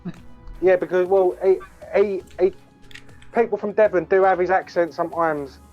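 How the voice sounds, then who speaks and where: A man's voice: high-pitched, steady tone, moderate pace, dull audio, soft background music. A man from London with a Cockney accent, chatting as a podcast guest in a coarse, sweary, rambling way. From London, England. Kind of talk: casual banter.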